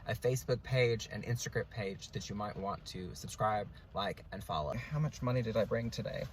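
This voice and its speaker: A man's voice: medium pitch, a little hiss or hum. A middle-aged man, a reseller chatting casually to camera in a rambling vlog style with plenty of ums and asides. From Oklahoma, USA. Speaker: estate liquidator and reseller.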